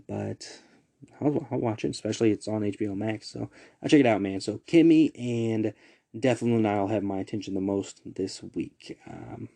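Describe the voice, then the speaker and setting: A male podcast host talks loosely into a desk mic, low in pitch and mellow in tone. He drifts into asides and chuckles at himself while reading out the week's listings. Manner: loose, rambling, laughs at his own asides. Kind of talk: casual solo podcast.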